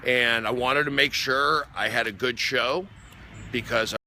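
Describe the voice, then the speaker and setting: The same comedian, now mid-range and steady in tone, speaks a little slowly over a faint hiss or hum on his phone livestream. His story wanders, with repeated words and restarted sentences, and he gets worked up and loud.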